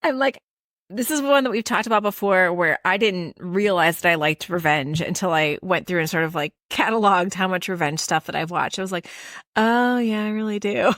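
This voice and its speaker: Woman, podcast co-host, lowish voice, chatty, laughs a lot, dry close sound. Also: moderate pace, fairly bright tone, no room sound. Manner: chatty, laughs often, asks questions; rambling, with many fillers. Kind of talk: casual chat.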